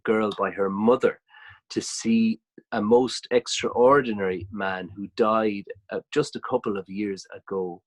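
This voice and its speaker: Man, lowish voice, thoughtful explainer, casual co-host. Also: fairly even intonation, a little slow, rough recording. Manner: thoughtful, explains background to viewers. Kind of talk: casual group conversation.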